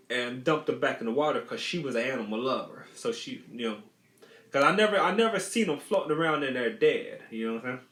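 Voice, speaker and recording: A man's voice: a little high, fairly bright tone. A man casually telling a childhood story, rambling and repeating his phrases. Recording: roomy echo.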